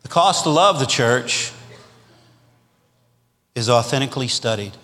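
A man with a Southern US accent preaching a storytelling revival sermon, swinging between loud punches and quiet asides. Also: medium pitch, lively intonation, unhurried, in a large hall. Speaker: pastor.

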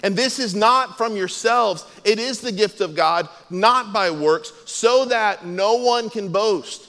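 A man preaching a sermon as pastor, earnest and emphatic, often dropping to a soft, low voice. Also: slow pace. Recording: long hall reverb.

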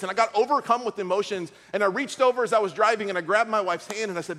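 Pastor, male, middle-aged, high voice; preaches with funny stories, in a big reverberant hall. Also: fast, hardly any pauses, a bit bright. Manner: storytelling with comic asides. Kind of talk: sermon.

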